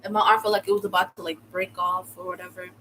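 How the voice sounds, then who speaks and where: A bright-voiced young woman from the United States tells a storytime in loose, slangy talk. She often jumps into loud, high exclamations. Her voice is faintly noisy. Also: little pitch movement, quick pace. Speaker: vlogger. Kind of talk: casual storytime.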